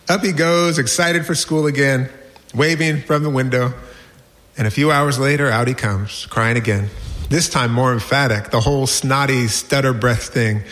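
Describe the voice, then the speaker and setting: A man in his forties reading a personal essay aloud with wry, lively storytelling. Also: medium pitch, normal speed. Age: 40s. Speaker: narrator.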